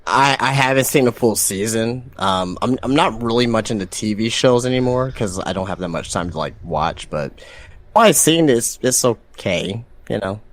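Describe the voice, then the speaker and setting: A man's voice: medium pitch, animated, normal speed. A man guesting on a podcast, speaking hesitantly with stammering restarts. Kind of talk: casual podcast chat.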